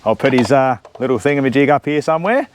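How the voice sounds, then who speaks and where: A fast-talking Australian channel host, medium-pitched with lively intonation, jokes and teases his way through casual chat while fixing a car in his home shed. There's slight background noise.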